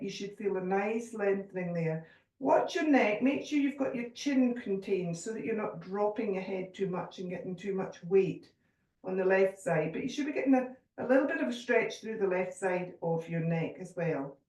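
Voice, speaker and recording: Gentle yoga teacher woman, echoey room. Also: fairly high pitch, far from the mic. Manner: gentle, calm cueing with light humour. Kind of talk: guided yoga class instruction.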